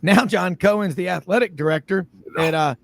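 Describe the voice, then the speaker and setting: A man's voice: high voice, moderate pace, creaky, a bit bright, dry recording. A middle-aged man, hosting a sports radio show in a rambling, casual way full of fillers.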